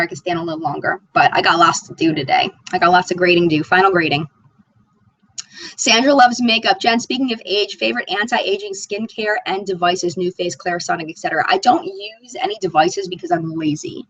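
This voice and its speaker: A woman's voice: mid-range voice, fairly bright tone, lo-fi sound. A woman hosting a live makeup chat stream, reading viewer comments aloud and gushing over them. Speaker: beauty channel host.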